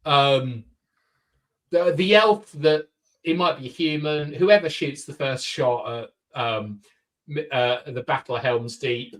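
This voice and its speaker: A man's voice: medium pitch, slow, rough recording. A man chatting casually as a podcast guest, opinionated and full of fillers, from the countryside. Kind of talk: casual chat.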